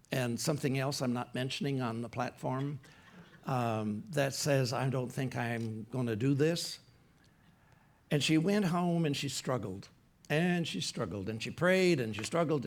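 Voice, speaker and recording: A man, a pastor, telling a story during a sermon in a conversational way. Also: mid-range voice. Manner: conversational, retells a story with quoted dialogue. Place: church platform.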